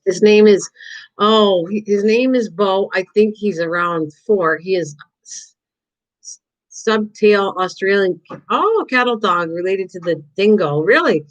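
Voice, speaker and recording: A woman's voice: mid-range voice, unhurried, rough recording. An older woman hosting a live crafting stream, chatting casually and rambling to her viewers and her dog while she paints.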